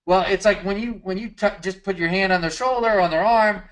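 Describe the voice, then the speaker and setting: Brief: man, slightly high voice, relaxed explainer, chatty. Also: brisk, low-quality recording. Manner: relaxed, explanatory, frequent fillers. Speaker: co-host of a marketing training. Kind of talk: casual coaching talk.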